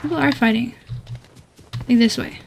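A woman's voice: on the high side, normal speed, vocal fry, noisy background. A woman streaming a shooter game, chatting to herself in a rambling, giggly way. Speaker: gamer streaming solo play. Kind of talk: casual gaming commentary.

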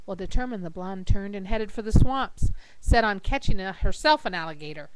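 A woman reading jokes aloud to a webcam at home in a lively storytelling voice, jumping up high for the silly characters. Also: normal speed, few pauses, clean tone, no echo, low-quality recording. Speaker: joke teller. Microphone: webcam microphone.

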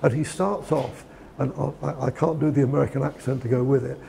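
A man's voice: mid-range voice, fairly even intonation, a little fast, gravelly, warm tone, slight background noise. A man giving a talk on preparing a CV, conversational, with frequent restarts and fillers. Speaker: guest lecturer. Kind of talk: lecture on preparing a CV.

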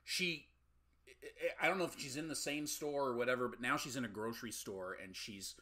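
A man's voice: mid-range voice, fairly quick, pushed and bright. A man co-hosting a podcast, loosely rambling through a film recap with wry jokes. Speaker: podcast co-host. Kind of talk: casual movie recap chat.

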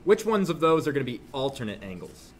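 A young man teaching a math class, joking with students and suddenly yelling for effect, recorded in a classroom. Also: mid-range voice, quick pace, slight background noise. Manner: joking, animated, shouts suddenly. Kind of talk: classroom lesson.

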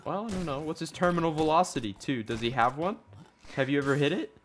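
A man's voice: a little high, fast, slight background noise. A young man hosting a gaming video, chatting casually and joking as he plays, rambling with lots of fillers. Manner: joking, rambling with many likes. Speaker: gaming channel host. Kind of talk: casual gameplay chat.

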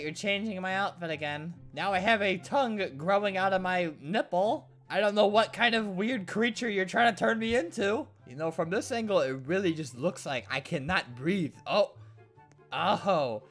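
A man's voice: high-pitched, a bit bright. A man giving joking gameplay commentary, playing at being sad and sarcastic and often breaking into laughter. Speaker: gaming commentator.

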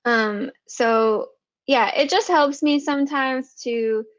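A woman's voice: high-pitched, slow pace, no echo, dull audio. A woman giving a casual design tutorial, chatty and full of fillers and restarts. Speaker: motion designer. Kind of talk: casual screen-share tutorial.

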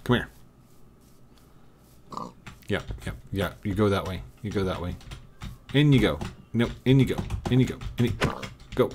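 A man's voice: fairly low pitch, expressive, normal speed, long pauses, darkish tone, slight background noise. A man giving casual commentary while playing a block-building game, coaxing an animal along with frustrated, repeated commands. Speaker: gaming video creator.

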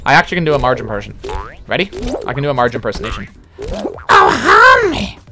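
A man streaming a platform game, talking casually in an excitable, boastful way with sudden yelps. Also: medium pitch, very fast, music in the background. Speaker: livestreamer. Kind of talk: casual gaming commentary.

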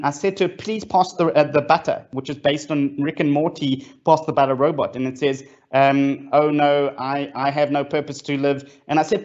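A man's voice: a little high, darkish tone. A man, presenting as a guest speaker in a fireside chat, enthusiastic, with many fillers and restarts. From South Africa. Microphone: video call. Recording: lo-fi online call audio.

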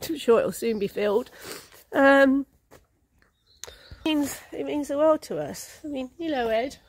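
A woman's voice: high voice, lively intonation, measured pace, dry recording. A woman running a racehorse retraining yard, chatting casually in a rambling way with lots of ums. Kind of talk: casual vlog chat.

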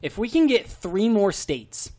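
A man's voice: high voice, sing-song, unhurried, a little mellow. A man co-hosting a casual podcast, easygoing and joking, stumbling over a word now and then. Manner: easygoing, joking, a few stammers. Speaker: podcast co-host.

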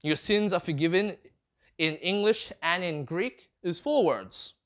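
A man's voice: high voice, measured pace. A man preaching a sermon, often putting rhetorical questions to his listeners. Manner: asks the congregation many rhetorical questions; expressive, rising and falling delivery.

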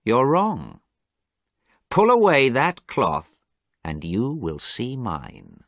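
A man reading a storybook, voicing a cruel, mocking young man who speaks slowly and hard. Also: medium pitch, big pitch swings, fairly bright tone, dry recording, voice pushed up. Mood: cold, cruel.

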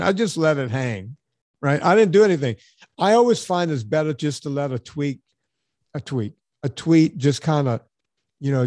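A man hosting a podcast, telling stories in an animated, sarcastic way during casual chat. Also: mid-range voice, no room sound, studio quality. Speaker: podcast host.

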